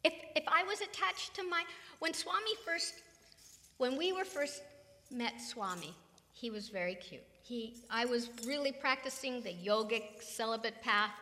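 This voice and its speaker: A woman's voice: on the high side, animated, moderate pace, bright, forceful tone. An older woman from California giving an emphatic spiritual talk to an audience. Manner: emphatic, preaching. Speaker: spiritual teacher. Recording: long hall reverb.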